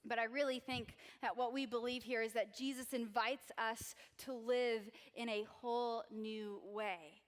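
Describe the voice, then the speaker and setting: A woman's voice: on the high side, steady tone, unhurried, few pauses. A young adult woman giving a casual, bubbly sermon as a youth pastor, chatting and joking with the crowd. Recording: echoey church hall reverb.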